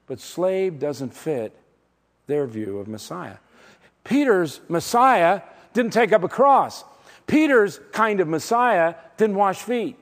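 A man preaching in a fairly high voice that swings widely in pitch. He is emphatic and dramatic, moving from loud declarations down to hushed, slow words. A long reverb from the large hall trails after each phrase. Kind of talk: sermon.

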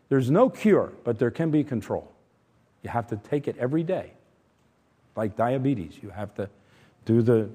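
A middle-aged man preaching a sermon, emphatic, shifting between loud stressed points and quiet asides. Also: medium pitch. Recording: long reverb from a large hall.

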